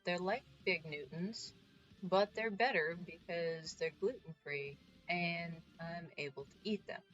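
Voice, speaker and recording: A woman's voice: lowish voice, lively intonation, unhurried, fairly bright tone, highs cut off, soft background music. A woman from the Northeastern US chatting casually to her stream while she paints, rambling and talking to herself.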